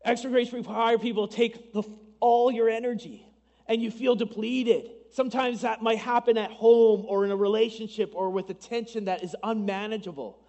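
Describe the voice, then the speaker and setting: A married man preaching a sermon as pastor, talking conversationally, with asides to the congregation and lively acted-out quotes. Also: high-pitched, moderate pace, long reverb tail. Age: adult, married.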